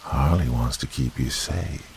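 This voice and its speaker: Man doing a demonic childlike creature, mocking, slow and whispery, very deep and gravelly. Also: darkish tone, a little hiss or hum. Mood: creepy mocking.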